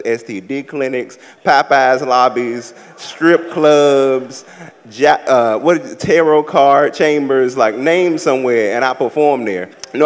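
A man from the American South doing a live stand-up set, with sassy, campy storytelling and loud acted-out asides. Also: medium pitch, in a large hall. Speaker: stand-up comedian. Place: large theater stage with a live audience.

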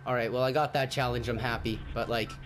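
A man giving casual gameplay commentary, rambling and swearing, with sudden loud outbursts. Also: mid-range voice, fairly even intonation, fast, music in the background. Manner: profane, rambling, jumpy outbursts. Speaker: gaming YouTuber.

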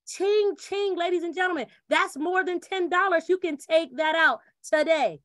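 Pitching a referral program, this presenter speaks in a bright, very high voice with lots of energy. Rapid back-and-forth scenes get acted out, and her catchphrases come around again and again, all captured in a close, dry recording.

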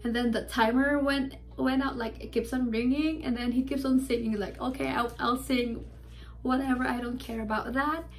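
A young woman vlogger tells her story in a breathless, rambling way, full of fillers. Her voice sits high, and faint background music plays beneath her. It is casual chat straight to camera. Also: normal speed. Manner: rambling and excitable, many "like"s. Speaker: fan vlogger.

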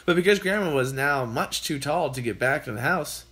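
Someone reading a children's book aloud in an expressive, animated way. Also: mid-range voice, moderate pace. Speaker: storybook reader.

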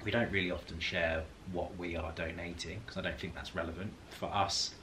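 A man's voice: low-pitched, steady tone, a little fast, pushed and bright, a little hiss or hum. A man casually chatting with his wife in a couple Q&A video, joking and laughing. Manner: laughs often, jokey and self-mocking. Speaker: vlog host. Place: home.

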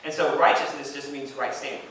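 Emphatic pastor, bright echoing voice. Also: male voice, medium pitch, little pitch movement, brisk, distant mic. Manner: emphatic, repeats phrases, reads scripture aloud. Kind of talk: sermon. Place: church sanctuary.

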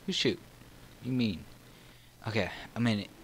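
A man with a Southern US accent doing let's play commentary on his own gaming channel, muttering low and breaking into excited or frustrated outbursts. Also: moderate pace, creaky, a little hiss or hum, poor audio.

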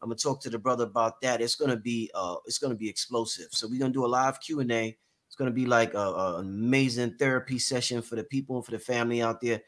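A man hosting a talk show, rambling and halting with many fillers. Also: mid-range voice, steady tone, a bit bright. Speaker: host.

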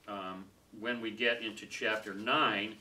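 A man leading a casual Bible study group, talking conversationally, laughing easily and trailing off softly. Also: lowish voice, steady tone, measured pace. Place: small room with a group. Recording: distant mic with faint room noise.

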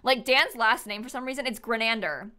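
A young adult woman with a higher, bright, forceful voice talks fairly quickly to her live stream viewers. She chats casually and rambles, giggling often and filling her speech with fillers, while faint music plays behind her.

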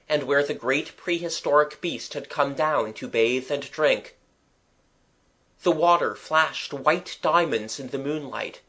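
Unhurried and deliberate, a man reads a children's storybook aloud, lingering over each phrase. His storytelling is expressive and measured, with a middling pitch. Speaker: audiobook narrator. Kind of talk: children's audiobook narration.

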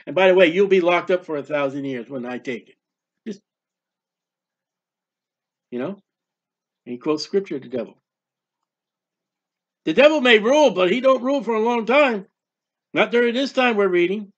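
Male preacher with a high voice, fervent, punchy rhetorical questions, dull lo-fi sound. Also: expressive, normal speed, long pauses. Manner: fervent, fires off rhetorical questions, declaims scripture. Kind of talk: sermon-style Bible teaching.

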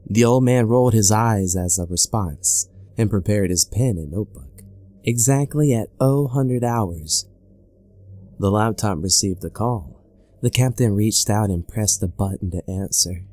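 Low-voiced man reading a horror story. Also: a little slow, mellow, no room sound. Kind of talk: scripted horror narration.

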